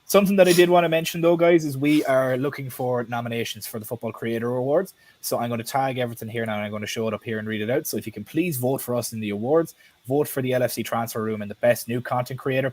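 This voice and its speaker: A man's voice: medium pitch, no room sound. Chatty male stream host. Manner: chatty, blunt, swears casually. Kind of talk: casual live-stream chat.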